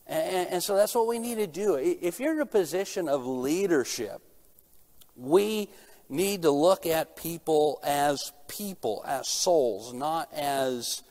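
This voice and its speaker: Middle-aged male pastor, earnest sermon delivery, slightly high voice, asks and answers his own questions. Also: a little slow, darkish tone. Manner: asks rhetorical questions and answers them himself; earnest, rising in intensity at key points.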